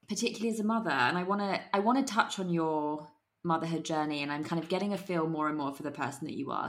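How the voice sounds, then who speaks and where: A woman hosting a podcast, asking thoughtful questions that she hedges with "you know" and "I guess". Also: low-pitched. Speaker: podcast host. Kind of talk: interviewing.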